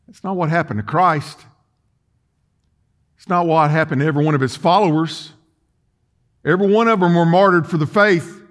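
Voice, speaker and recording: A man preaching a sermon in a church, folksy and emphatic, swinging between quiet and loud. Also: on the high side, normal speed, long pauses. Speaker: pastor. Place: church sanctuary.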